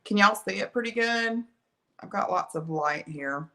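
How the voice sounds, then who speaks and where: Chatty Alabama-accented woman, bright tone. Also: medium pitch, expressive, moderate pace. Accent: Alabama Southern US. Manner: chatty, folksy, talks to live viewers while painting. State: lingering cough after being ill. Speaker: art instructor. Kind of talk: live painting tutorial.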